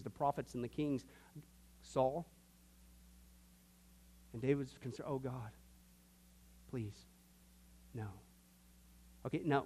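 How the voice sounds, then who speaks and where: A man's voice: fairly high pitch, a little mellow. A man teaching an informal Bible class, folksy and joking, often slipping into quoted voices.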